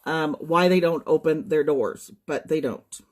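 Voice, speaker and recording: A woman's voice: low voice, a little slow, a little mellow. Shaken woman telling a painful personal story. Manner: shaken, trying to keep composure, many ums. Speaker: social media storyteller. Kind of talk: emotional personal testimony to viewers.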